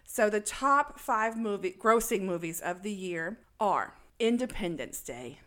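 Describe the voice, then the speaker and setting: A woman in a relaxed podcast chat walks through a film scene by scene. She talks in a chatty, irreverent way, jokes along the way, and puts on the voices of the characters she quotes. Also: medium pitch, unhurried. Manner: chatty, irreverent, acts out quoted lines with laughs. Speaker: podcast co-host recapping a film. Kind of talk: casual chat.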